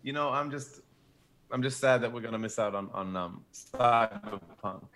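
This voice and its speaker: A man's voice: medium pitch, brisk, fairly bright tone. A man co-hosting a gaming podcast, easygoing and wry in casual chat. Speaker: podcast co-host. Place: home, streamed online.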